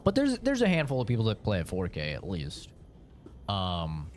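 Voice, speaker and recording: Lively, teasing male game streamer. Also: on the low side, normal speed, slight background noise. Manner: teasing, profane, rambling. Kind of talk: casual live-stream chat.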